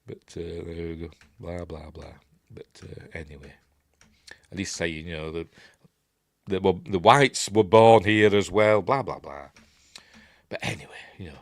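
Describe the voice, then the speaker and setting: A man's voice: deep voice, moderate pace, fairly bright tone, no room sound. A Yorkshire man in his fifties giving a rambling, chatty running commentary as he reviews a film, with frequent asides and self-corrections.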